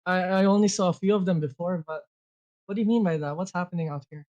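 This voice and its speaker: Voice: mid-range voice, fast, a little mellow, lo-fi sound. A player in a tabletop game, describing actions hesitantly and correcting themselves often.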